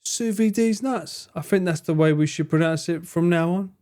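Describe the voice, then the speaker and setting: A man's voice: fairly high pitch, moderate pace, dark tone. A young man livestreaming, casually bantering with his chat in a playful, sweary, teasing way. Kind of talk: casual chat with live stream viewers.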